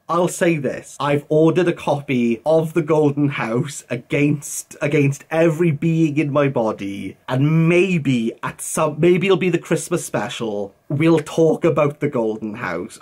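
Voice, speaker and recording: A young man, chatting casually to camera as a book vlogger. He answers viewer comments in an animated way, full of fillers and British slang. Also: fairly high pitch, husky.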